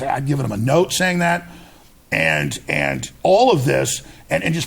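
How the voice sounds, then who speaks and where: A man's voice: mid-range voice, huge pitch swings, normal speed, creaky, a bit bright, breathy edge. A man as an interview guest, telling his story emphatically, restarting words and acting out what others said. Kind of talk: animated storytelling in conversation.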